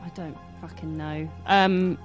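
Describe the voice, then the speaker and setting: A playful woman joins in a tabletop role-playing session and giggles between her lines. Her voice is mid-pitched, with faint music in the background. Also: steady tone, a little slow. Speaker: player. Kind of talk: casual tabletop play.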